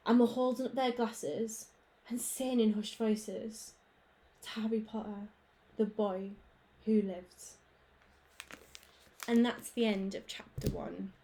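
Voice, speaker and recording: Woman teacher reading a storybook to children, clear and expressive, fairly high voice. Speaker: primary school teacher. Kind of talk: reading a children's book aloud.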